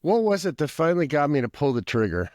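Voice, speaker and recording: A man's voice: a little high, sing-song, fast talker, a little mellow, no echo, studio quality. A man from Minnesota, a pastor and professor, telling a long personal story in a rambling, conversational way with asides and frequent coughs. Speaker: pastor and professor, podcast guest.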